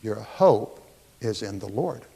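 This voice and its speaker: A man's voice: lowish voice, lively intonation, takes it slowly, vocal fry, dark tone, slightly rough. A man pastor giving a Bible study sermon in a church, talking in a conversational, emphatic way and often checking in with his listeners. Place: church sanctuary. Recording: long reverb of a church hall.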